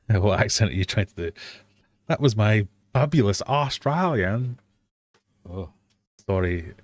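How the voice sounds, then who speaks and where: A British man hosting a casual live quiz stream from his fish room, playful and quick to joke at himself. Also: fairly low pitch, animated, no room sound, clean studio sound. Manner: playful, jokey, laughs at himself.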